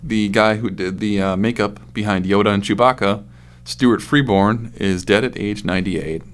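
Man, low voice, podcast co-host, casual, jokey. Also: moderate pace, clean tone. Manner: relaxed, joking, puts on silly accents. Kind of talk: casual chat.

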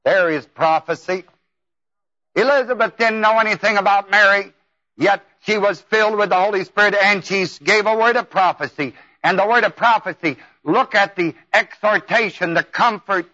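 Man preaching a sermon, folksy and emphatic, higher voice, dull lo-fi tape. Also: moderate pace, sharp tone.

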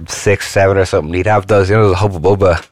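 A man's voice: deep voice, fairly even intonation, fast, no echo, studio quality. A man co-hosting a podcast, rambling with fillers and laughing often. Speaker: podcast co-host. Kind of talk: casual chat.

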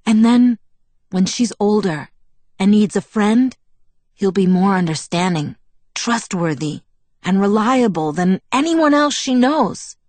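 A woman's voice: medium pitch, expressive, slow pace, a little mellow, no room sound. A woman reading an earnest, intense young man. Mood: earnest, impassioned. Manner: impassioned, pleading explanation. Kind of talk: audiobook character voice.

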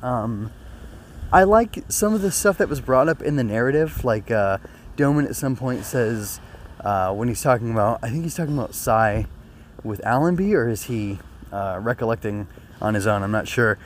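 Young male reviewer, sore throat, earnest rambling delivery with lots of fillers, mid pitch, recorded outdoors with faint ambience. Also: lively intonation, normal speed, slight background noise. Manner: rambling, full of fillers and restarts; earnest and emotional. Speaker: anime episode reviewer. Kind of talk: casual spoken review.

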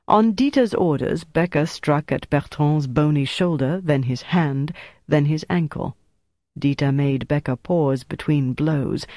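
An audiobook narrator giving a steady, measured reading of a thriller. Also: medium pitch, no room sound, clean studio sound.

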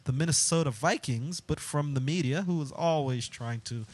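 A man's voice: a little high, moderate pace, darkish tone. Upbeat man hosting a sports podcast. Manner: upbeat, laughs often, guides the segments. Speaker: podcast co-host. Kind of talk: casual sports chat.

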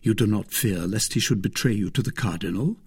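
A man's voice: fairly low pitch, brisk, darkish tone, breathy edge. A man playing a bold, passionate young suitor, declaiming his devotion with earnest energy. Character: bold, ardent young male suitor, gallant.

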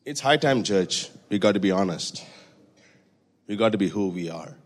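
A man preaching a sermon in a church, swinging from hushed, intimate passages to loud, high-pitched exhortation. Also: animated, moderate pace. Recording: reverberant church hall.

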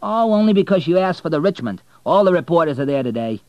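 A man reading an audiobook, putting on a talkative male cab driver with a chatty, high voice. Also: very animated, fast, no echo, lo-fi sound.

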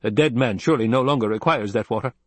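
A man voicing a cold, scholarly male ecologist who speaks in a calm, lecturing way. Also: a little high, a little fast, breathy edge, no echo, voice pushed up.

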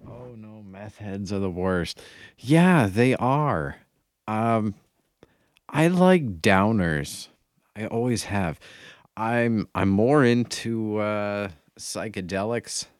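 A man with a very low voice rambles slowly, losing his thread and correcting himself. The sound is dry and close. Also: animated, no echo. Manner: meandering, trailing off, self-correcting. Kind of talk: rambling casual chat.

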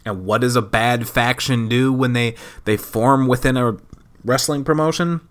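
A man's voice: medium pitch, moderate pace, a bit bright. A man in his thirties from Wisconsin, sick, hosting a casual solo podcast with rambling, self-mocking jokes. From Wisconsin, USA. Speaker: podcast host.

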